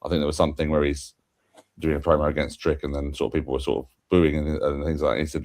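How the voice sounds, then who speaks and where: Very deep-voiced man talking fast. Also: steady tone, darkish tone, no echo. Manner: hesitant, hedging with many fillers. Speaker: podcast co-host. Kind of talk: casual chat. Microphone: video call mic.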